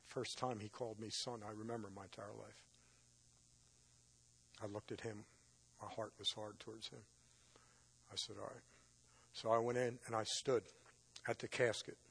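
Husky male preacher, testimony sermon, emotional storytelling, swings from hushed to loud. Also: mid-range voice. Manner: emotional storytelling, rising to loud intense peaks.

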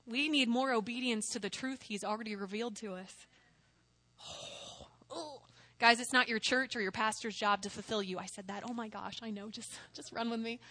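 A middle-aged woman preaching a sermon, with a high, bright voice. She speaks in an animated way, laughs often and acts out little quotes. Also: normal speed, dry recording.

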